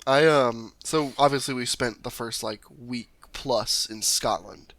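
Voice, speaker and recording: A man co-hosting a podcast in casual chat, halting and repeating words, laughing often. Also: mid-range voice, a bit bright. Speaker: podcast co-host.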